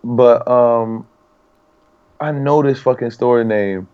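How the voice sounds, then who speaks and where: A young man co-hosting a podcast in casual chat, excitable and profane, stumbling as he hunts for words. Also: medium pitch, slow pace, clean tone. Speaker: podcast co-host. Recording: slightly dull lo-fi sound.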